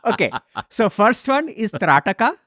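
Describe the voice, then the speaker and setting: A man doing a high, coaxing Indian guru, broken English, played for laughs. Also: big pitch swings, moderate pace, a bit bright, no room sound, clean studio sound, exaggerated voice. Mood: playful coaxing. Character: playful male Indian meditation guru.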